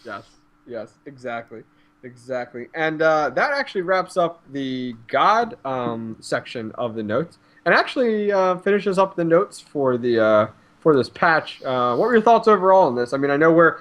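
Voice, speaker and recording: A man's voice: on the high side, big pitch swings, moderate pace, fairly bright tone. A man hosting a casual gaming podcast who talks through the patch notes, laughs often and acts out players' reactions. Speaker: host.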